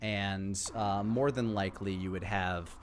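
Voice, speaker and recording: A man's voice: on the low side, steady tone, unhurried, a little hiss or hum. A man running a tabletop horror game as game master, describing scenes loosely with fillers and restarts.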